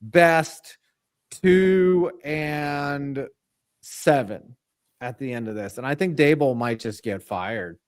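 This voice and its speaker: A man's voice: medium pitch, slow pace, clear, resonant tone. A man co-hosting a casual sports podcast, blunt and jokey, with frequent swearing. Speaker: co-host.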